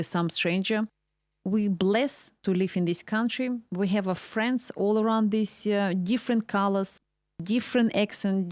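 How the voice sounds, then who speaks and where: A woman's voice: medium pitch, no room sound. Russian-accented woman talking as a guest. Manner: warm, laughs often, non-native grammar. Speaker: guest, real estate agent. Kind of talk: casual interview chat.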